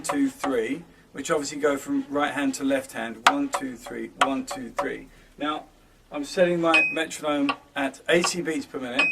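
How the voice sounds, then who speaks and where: A man's voice: a little high, very noisy. A man teaching drums, explaining rhythm groupings in a hesitant way with many fillers and restarts. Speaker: drum teacher. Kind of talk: instructional drum lesson, counting beats aloud. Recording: distant mic with loud drums and metronome.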